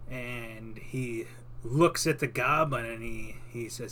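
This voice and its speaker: A man narrating a tabletop game as game master, in an unhurried, rambling way with many fillers. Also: medium pitch, bright, forceful tone, slight background noise.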